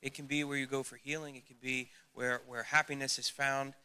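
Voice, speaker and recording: A man's voice: medium pitch, level tone, a little fast, sharp tone, clear, resonant tone. A middle-aged man preaching a sermon as youth pastor, earnest and emphatic, speaking straight to his listeners.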